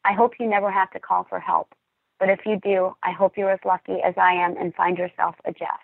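Earnest dispatcher lady on a podcast, gravelly voice, sounds like it's over a phone. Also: mid-range voice, little pitch movement, a little fast, no room sound. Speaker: emergency dispatcher and podcast guest. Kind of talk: podcast talk, personal account. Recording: tinny phone-like line.

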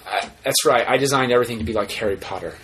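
A man co-hosting a podcast in casual chat, rambling and animated, often acting out quotes. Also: mid-range voice, very fast, a little hiss or hum, low-quality recording. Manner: rambling, animated, acts out quotes in put-on voices. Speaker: podcast co-host.

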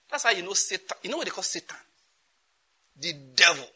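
A man with a Nigerian accent preaching a sermon, animated and full of rhetorical questions, often breaking into laughter. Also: sits high, a little fast, long pauses, husky. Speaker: pastor.

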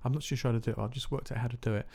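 A man's voice: medium pitch, steady tone, racing, gravelly, darkish tone, breathy edge. A man hosting a music podcast, talking in a rambling, chatty, self-mocking way with lots of restarts. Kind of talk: casual solo podcast chat.

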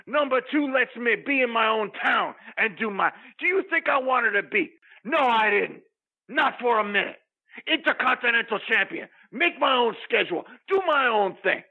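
Man doing a raspy boasting wrestler persona. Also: very high voice, animated, normal speed, phone-quality sound, full character voice. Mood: boastful. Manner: bellowing promo-style rant, threatening and grandiose. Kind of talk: comedic wrestling promo parody.

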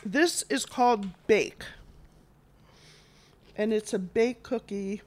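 A woman's voice: mid-range voice, slow, a little mellow. A woman hosting a casual chat while taste-testing snacks, enthusiastic and reading product labels aloud. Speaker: host.

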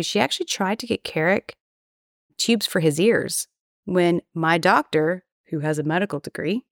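A woman's voice: fairly low pitch, vocal fry, no echo, studio quality. A young woman guest telling a story in casual chat, blunt and indignant, swearing freely and acting out what others said. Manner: acts out quoted voices while retelling. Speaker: podcast guest.

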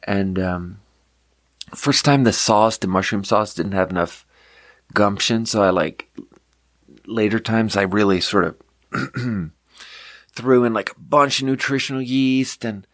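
A man's voice: lowish voice, measured pace, pauses often, a bit bright, no room sound, clean studio sound. A man hosting a podcast, rambling in casual chat with frequent laughs and casual swearing. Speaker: podcast host.

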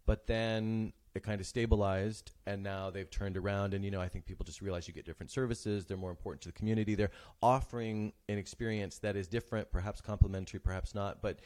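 A man's voice: fairly low pitch, steady tone, fast talker, hardly any pauses, a little mellow. A man hosting a casual talk show, teasing his guests and laughing often. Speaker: host. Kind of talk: casual chat.

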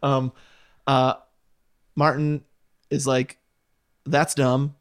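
A man's voice: medium pitch, flat delivery, extremely slow, clean tone. A man co-hosting a podcast, chatting casually as he recaps a film's plot with frequent laughs and fillers. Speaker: podcast co-host. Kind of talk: casual movie recap chat.

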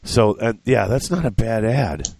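A man with a lowish voice talks casually about his hobby, reasoning out loud and stopping to correct himself. The sound is dry and close, with no room echo. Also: lively intonation, a little slow, vocal fry. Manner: thinks aloud, corrects himself, works out prices.

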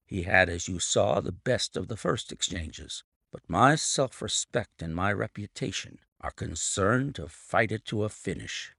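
A man voicing a calm, confident male detective who speaks in a measured, self-assured way. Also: fairly low pitch, vocal fry, no room sound, clean studio sound, heavily acted. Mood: resolute. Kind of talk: audiobook reading.

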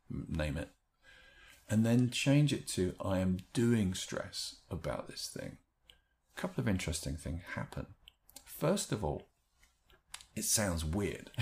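A man giving an explanatory talk on handling stress, thoughtful, with lively rises in pitch and the odd restarted word. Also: vocal fry. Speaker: speaker explaining a stress technique.

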